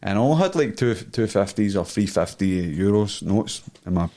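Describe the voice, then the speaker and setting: A man's voice: on the low side, animated, moderate pace, warm tone. A Scottish man co-hosting a podcast, telling a crude story in casual chat and laughing often. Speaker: podcast co-host.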